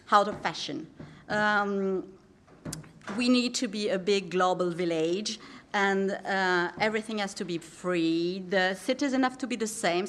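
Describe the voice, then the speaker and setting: A fairly high-voiced woman speaking English with a French accent at a conference panel. She talks hesitantly, stopping often with fillers while she searches for her words. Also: a bit bright. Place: conference hall.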